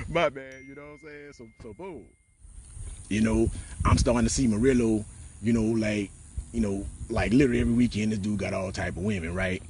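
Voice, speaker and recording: A man spinning a casual story from his service days, his voice swinging high and low as he acts out other people. He laughs all the way through and talks in loose slang. A faint hiss sits under the recording. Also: animated, brisk. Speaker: military veteran telling stories.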